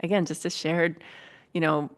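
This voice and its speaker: Low-voiced woman explaining calmly. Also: moderate pace. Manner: explanatory, frequent "um" and "you know". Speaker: podcast guest. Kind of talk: casual interview chat.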